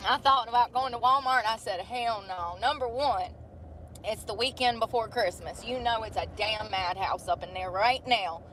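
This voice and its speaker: A woman's voice: on the high side, moderate pace, pushed and bright. A woman in her thirties chatting casually on a vlog, blunt and rambling, swearing freely as she tells stories. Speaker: vlogger. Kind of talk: casual chat. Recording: noisy outdoor street ambience.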